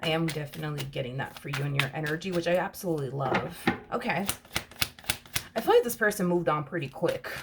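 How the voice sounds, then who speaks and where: A woman's voice: deep voice, quick pace, very noisy. A woman giving a casual tarot reading, chatty and emphatic, repeating points and calling the listener honey. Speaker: tarot reader.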